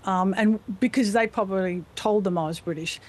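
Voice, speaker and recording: A middle-aged Australian woman talking as a guest in a live news interview, chatty and playful, slipping into quick impressions. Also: mid-range voice, darkish tone. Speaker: voice actor guest.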